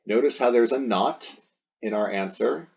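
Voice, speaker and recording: A man's voice: medium pitch, moderate pace, gravelly, darkish tone, muffled recording. A man teaching a Latin lesson, patiently explaining each exercise sentence and rephrasing the questions. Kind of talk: recorded lesson walking through exercise sentences.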